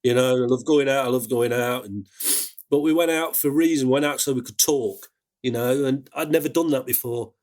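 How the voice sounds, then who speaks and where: A man's voice: medium pitch, a little mellow. English guy talking through his story, lots of ums and restarts. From England. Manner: halting, full of fillers and restarts. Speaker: guest, ambulance worker. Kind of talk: emotional personal storytelling.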